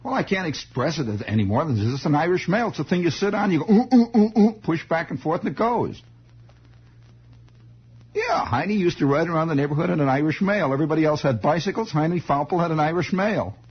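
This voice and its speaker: A radio host improvises a storytelling monologue, rambling and digressing through a childhood story while chuckling. His voice is fairly high-pitched, expressive, fairly quick and husky, heard through a dull lo-fi 1960s radio broadcast.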